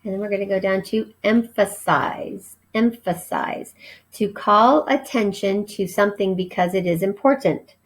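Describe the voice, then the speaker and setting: A woman's voice: mid-range voice, low-quality recording. A woman teacher giving a recorded vocabulary lesson, spelling each word letter by letter and explaining its meaning. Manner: slow, spells words letter by letter.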